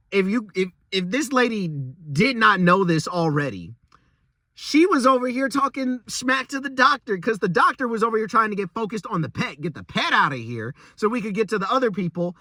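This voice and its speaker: A young man venting about a rough day at work in a rambling, exasperated casual vlog rant, often stumbling and repeating himself. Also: sits high, pushed and bright, no echo, studio quality.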